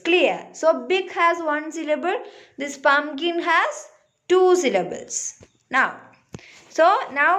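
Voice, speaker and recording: High-voiced Malayali woman teaching slowly. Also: a bit bright. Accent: Malayali English. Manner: checks in with "huh?" and "clear?", repeats words slowly. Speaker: English teacher. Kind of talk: classroom grammar lesson.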